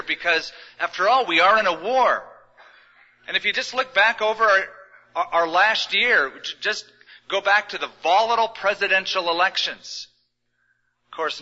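Bright-voiced middle-aged pastor in a big hall. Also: male voice, high-pitched. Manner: conversational, storytelling with humor. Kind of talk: sermon. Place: large church auditorium. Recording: long hall reverb, dull lo-fi sound.

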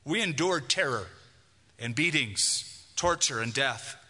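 A man's voice: mid-range voice, animated, slow pace, pushed and bright, long reverb tail, full character voice. A male preacher voicing a cynical, belligerent woman survivor while reading aloud. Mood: bitter. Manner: belligerent, read aloud in a sermon.

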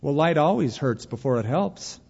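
A man voicing a calm, patient male stranger in a storybook tale, speaking slowly and gently. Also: a little high, gravelly, husky, exaggerated voice. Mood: gentle. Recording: dull recording with long hall reverb.

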